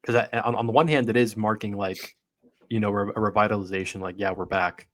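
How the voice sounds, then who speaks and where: A man's voice: on the low side, fairly even intonation, brisk. A man hosting a casual movie podcast, talking thoughtfully and hedging with many fillers. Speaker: podcast host.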